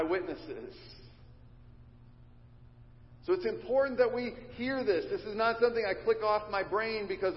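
A high-pitched male pastor preaching to his congregation in a church sanctuary. He teaches and leads them in call and response, and his voice rings with a long reverb off the hall walls on a slightly dull recording. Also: normal speed, few pauses. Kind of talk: sermon.

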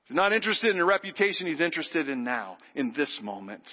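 A man preaching a sermon, animated, leading the congregation in call-and-response. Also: on the high side, quick pace, slightly rough. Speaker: pastor. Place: church sanctuary. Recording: dull sound with long hall reverb.

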